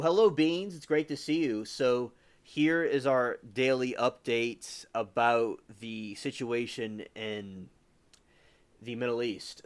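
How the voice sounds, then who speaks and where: A man chats loosely through a livestream at a middle pitch. He rambles from topic to topic and often stops to read viewer comments and answer them. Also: smooth. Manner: rambling, reads chat aloud and answers viewers. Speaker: livestream host. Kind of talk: casual livestream chat.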